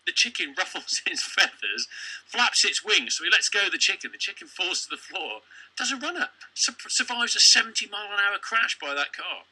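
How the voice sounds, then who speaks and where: A man's voice: high-pitched, very animated, fairly quick, sharp tone, husky, low-quality recording. A man co-hosting a late-night local radio comedy show, telling rambling jokey stories with stammering restarts. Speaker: radio co-host. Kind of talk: casual banter, comic storytelling. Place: radio studio.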